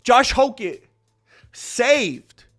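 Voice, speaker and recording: Young guy ranting about fights, high bright voice, excitable, laughs a lot. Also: extremely slow, soft background music. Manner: excitable, laughing, quotes others in put-on voices. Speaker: MMA commentary host. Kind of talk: casual commentary monologue.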